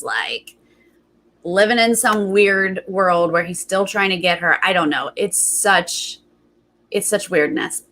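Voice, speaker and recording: Chatty woman host telling animated stories. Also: mid-range voice, poor audio. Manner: animated storytelling, acting out quotes, frequent "like"; chatty, greets viewers by name. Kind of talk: casual chat, live show recap.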